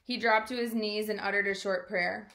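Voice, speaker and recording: Gravelly woman teacher reading a storybook. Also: mid-range voice, fairly even intonation, normal speed, a bit bright. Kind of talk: storybook read-aloud. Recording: roomy echo.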